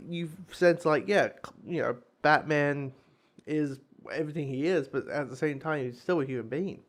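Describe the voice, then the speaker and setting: A man giving a casual, rambling spoken review of a comic, with frequent restarts, swearing and laughing at himself. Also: medium pitch.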